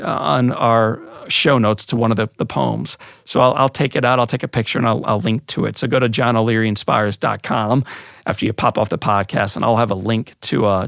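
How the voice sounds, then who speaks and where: Earnest man with a gravelly voice. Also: mid-range voice, no echo, clean studio sound. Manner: emotional, earnest, reflective. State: voice thick with emotion. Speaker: podcast host. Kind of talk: personal storytelling.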